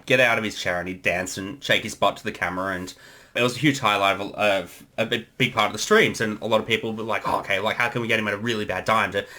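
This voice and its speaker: A man's voice: lowish voice, steady tone, fast, sharp tone. A man chatting casually through a creator commentary, telling anecdotes and laughing along the way.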